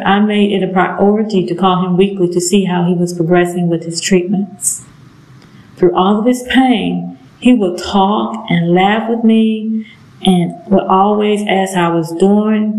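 A middle-aged woman giving an earnest, emotional personal testimony, halting now and then with pauses. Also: mid-range voice, fairly even intonation, a little mellow. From southern United States. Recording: echoey room.

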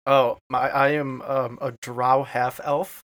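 A man's voice: medium pitch, flat delivery, slow pace, a bit bright. A young man introducing his tabletop character in a joking, laughing manner. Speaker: player. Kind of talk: casual tabletop game chat.

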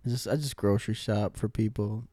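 A man's voice: fairly low pitch, steady tone, a little fast, mellow, no echo. Rambling young man telling work stories. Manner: rambling storyteller, lots of "like". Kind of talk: casual chat.

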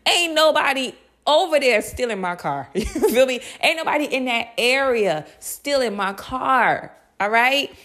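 Lively young woman telling a story. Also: fairly high pitch. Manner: animated, laughs often, swears freely, slangy asides. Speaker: podcast host. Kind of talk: casual storytelling.

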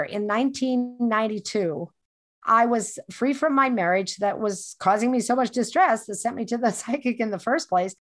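A woman telling a personal story in a casual, animated way, often repeating lines for emphasis. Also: medium pitch.

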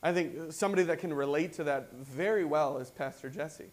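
A man's voice: fairly high pitch, brisk. A man preaching a conversational sermon as pastor, reading scripture aloud and then explaining it in plain words. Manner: acts out quoted voices with rising excitement.

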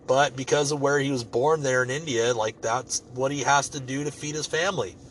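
A man's voice: medium pitch, fairly even intonation, brisk, a bit bright, a little hiss or hum. A man telling a story in a casual, rambling way, swearing freely and joking as he goes. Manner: profane, rambling, loose and joking.

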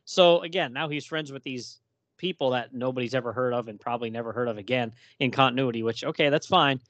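A man's voice: mid-range voice, fast talker, fairly bright tone, no room sound, lo-fi sound. A man hosting a casual chat about comic books, often laughing and acting out the lines he quotes. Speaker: podcast host.

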